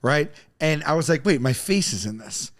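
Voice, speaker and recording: A man telling a long comic story on a podcast, rambling and animated, often stumbling over his words. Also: on the high side, normal speed, no room sound. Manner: rambling, animated, self-interrupting.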